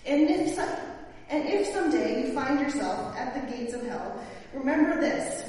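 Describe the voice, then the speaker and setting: A woman pastor preaching a sermon, slow and emphatic, now and then rising to an exclamation. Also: high-pitched, animated, darkish tone. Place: church sanctuary. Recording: echoey church hall from far off.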